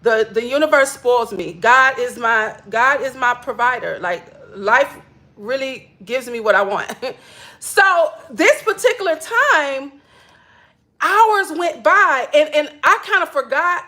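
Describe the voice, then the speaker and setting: Bright high-voiced woman chatting. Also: lively intonation, slow. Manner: chatty, repeats "literally", laughs often. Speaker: spiritual wellness creator. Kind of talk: casual storytelling to viewers.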